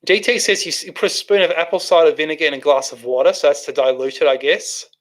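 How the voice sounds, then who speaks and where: A man's voice: on the high side, quick pace, fairly bright tone. Rambling man on a livestream. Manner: rambling, with restarts and frequent fillers. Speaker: livestream host reading chat. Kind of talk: casual livestream chat.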